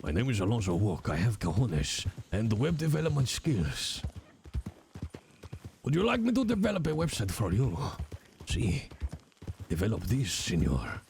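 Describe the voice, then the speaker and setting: A man doing a cocky mock-Spanish show-off who brags in a hammy, sly drawl, his pitch swinging up and down. The voice rides on a faint hiss in the background. It is a game role-play bit, played purely for laughs. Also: wildly swooping pitch, moderate pace, gravelly, long pauses, a little mellow, full character voice. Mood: boastful. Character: boastful swaggering man with a mock Spanish accent.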